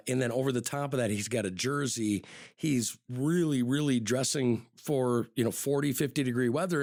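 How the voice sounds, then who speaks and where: A man hosts a podcast and tells a true-crime story in a casual, rambling way, doubling back on his words and leaning on "you know". His voice sits at an ordinary middle pitch. It is recorded dry and close, with no room sound. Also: a little mellow, no room sound. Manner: conversational, repeats words and says "you know" often. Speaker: podcast host.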